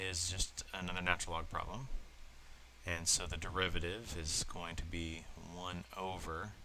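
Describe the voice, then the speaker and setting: A man's voice: sits low, sharp tone, a little hiss or hum, rough recording. A man with a cold-nasal voice explaining math problems step by step in a recorded lesson. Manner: plain step-by-step explaining with fillers. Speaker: math teacher.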